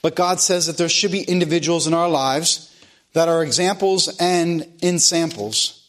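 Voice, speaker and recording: A man's voice: fairly high pitch, normal speed, a bit bright. A man preaching a sermon in an earnest, emphatic way, repeating phrases to drive points home. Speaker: pastor.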